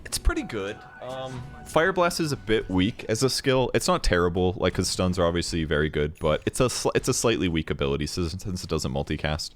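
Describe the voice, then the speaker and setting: A man's voice: low-pitched, animated, fairly quick, hardly any pauses, soft background music. A man giving casual, analytical color commentary on an esports match, explaining builds. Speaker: host and analyst caster.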